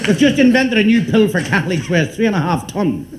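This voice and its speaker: A high-pitched man fires off quick one-liners and needles the audience, his voice rising and falling in lively swings. He is heard in a roomy, echoing space through a very noisy old recording. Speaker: stand-up comedian. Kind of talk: stand-up joke telling. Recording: echoey, very noisy old broadcast.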